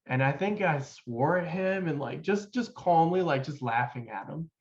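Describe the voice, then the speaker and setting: A young man, a podcast guest, telling his life story casually with loose, halting phrasing and many fillers. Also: a little high, animated. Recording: dull lo-fi sound.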